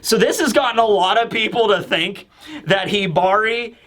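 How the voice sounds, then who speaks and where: Excitable rambling man, bright voice. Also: high voice, moderate pace. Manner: excitable, rambling, lots of fillers. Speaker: manga review host. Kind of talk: casual video commentary.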